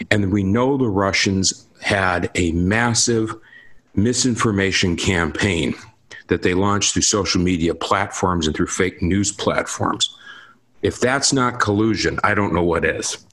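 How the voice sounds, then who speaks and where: A man's voice: low voice, fairly bright tone. A man giving emphatic commentary on politics in a lecturing, insistent manner. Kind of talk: political discussion.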